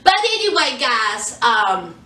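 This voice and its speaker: Animated, sassy woman retelling a show. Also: a little high, slow pace, far from the mic. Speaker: TV show reviewer. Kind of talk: casual commentary vlog. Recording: echoey room, off from the mic.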